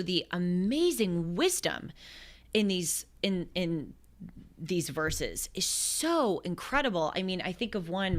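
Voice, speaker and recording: A woman in her twenties hosting a talk show, giving earnest, thoughtful commentary on scripture and often restarting her phrases mid-thought. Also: on the low side. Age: 20s. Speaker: show host.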